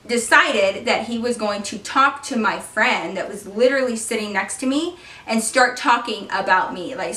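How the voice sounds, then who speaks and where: A young woman spinning a storytime tale with a bright, sharp, slightly high voice, animated and full of swearing. The room is echoey and the mic sits some distance away. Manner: animated, profane, conversational. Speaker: vlogger. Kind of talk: storytime vlog.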